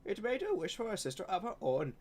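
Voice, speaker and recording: A man's voice: high voice, huge pitch swings, crowd noise. Man from Canada reading fiction aloud. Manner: halting, giggly reading, frequent restarts. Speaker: podcast host reading fan fiction.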